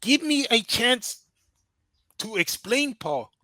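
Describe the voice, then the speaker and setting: A man's voice: very high voice, big pitch swings, slow, bright, forceful tone, no room sound, pitched above the performer's own voice, full character voice. A man voicing a lying wife pleading with her husband, reading her texts in a raised voice with an exaggerated Kenyan accent.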